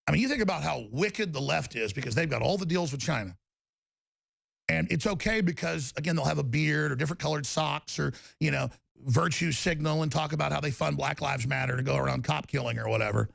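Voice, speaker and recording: Gravelly ranting talk-radio man. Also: on the high side, quick pace, a bit bright, dry recording. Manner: ranting, mocks opponents in put-on voices. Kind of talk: political talk radio monologue.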